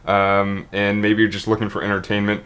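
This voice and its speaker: A man's voice: lowish voice, completely flat delivery, a little fast, a bit bright, clean tone. A man, a streamer, talking unscripted to his viewers in a rambling, earnest way, often restarting and tripping over his words. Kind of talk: unscripted monologue to camera.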